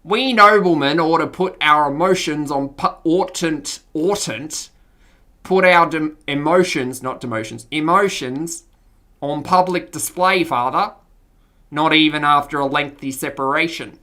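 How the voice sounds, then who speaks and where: Streamer doing a stiff young noble, broad Australian, formal, slow and bright. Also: mid-range voice. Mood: stiffly formal.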